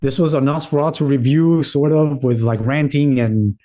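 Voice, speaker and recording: A man's voice: mid-range voice, fairly even intonation, moderate pace, dark tone. A man co-hosting a podcast in loose, rambling casual chat, laughing easily. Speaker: podcast co-host.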